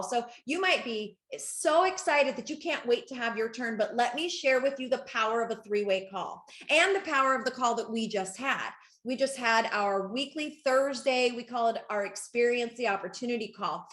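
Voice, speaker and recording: Excitable woman coaching on an echoey call. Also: a little high. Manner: excitable, laughing, talks to the audience directly. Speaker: network marketing coach. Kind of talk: live group coaching call.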